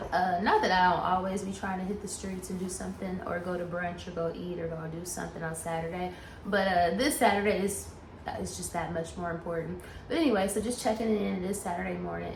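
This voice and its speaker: Woman vlogger, gushing and excitable, casual and cussing, gravelly fry, faint hiss behind. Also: on the low side. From Atlanta, US South. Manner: gushing, excitable, swears freely. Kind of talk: casual vlog chat.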